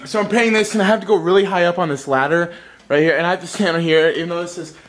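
A man's voice: sits high, very fast. Goofy rambling young man vlogging. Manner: rambling, goofy, jumps between topics while eating. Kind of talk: casual vlog chat. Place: at home.

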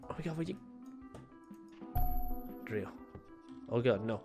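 A man giving excitable let's play commentary, swearing and playing up mock outrage. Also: medium pitch, unhurried, creaky, long pauses, faint music behind. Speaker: gaming video creator.

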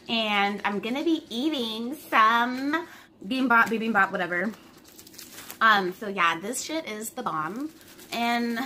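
A woman's voice: fairly high pitch, sharp tone, slight background noise. A young woman talking casually to her viewers while she eats, chatty and swearing freely. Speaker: vlogger. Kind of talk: casual mukbang vlog.

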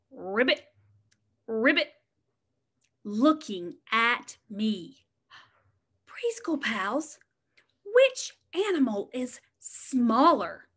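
A woman's voice: fairly high pitch, fairly bright tone. A woman preschool teacher reading a picture book aloud to young children, sing-song and encouraging, stopping to ask them questions.

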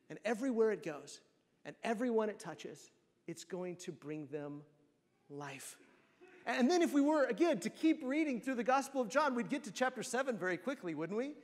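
Preacher with a high voice in a church hall. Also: male voice. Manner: asks the congregation rhetorical questions. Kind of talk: sermon. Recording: long church hall reverb.

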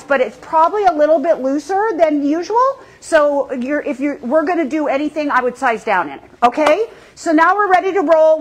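Middle-aged lady hosting a live fashion show, high voice, gushes over every outfit. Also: fairly bright tone, low-quality recording. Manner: gushing, effusive.

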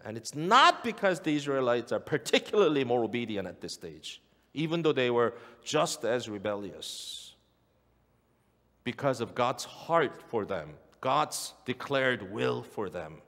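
Here a middle-aged male pastor with a medium-pitched, slightly bright voice preaches earnestly in a church sanctuary. He repeats important phrases and asks the congregation questions, all under a long hall reverb.

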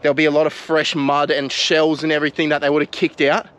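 A young Australian man vlogging outdoors, talking excitedly and casually to his viewers, with plenty of slang. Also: fairly high pitch, fast talker. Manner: excitable, slangy, swears mildly, addresses viewers as guys. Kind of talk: casual vlog narration to camera. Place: outdoors in mangrove mud flats.

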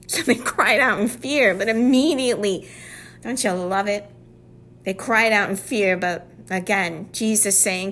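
A woman's voice: mid-range voice, unhurried, a bit bright, slight background noise. A woman giving a devotional Bible teaching. She speaks earnestly and often drops to a whisper for emphasis.

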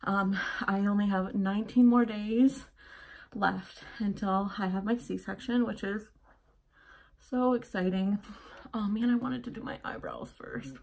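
A woman's voice: medium pitch, steady tone, measured pace, creaky, a little mellow. Pregnant young woman vlogging while doing her makeup, rambly and a bit breathless, drifts off mic sometimes. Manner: chatty, rambling with many fillers. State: heavily pregnant, a little out of breath. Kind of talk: casual getting-ready vlog. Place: at home getting ready.

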